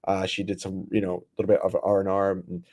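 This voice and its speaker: A man's voice: deep voice, completely flat delivery, brisk, a little mellow. A man hosting a podcast in a laid-back, casual way with many fillers. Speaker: podcast host.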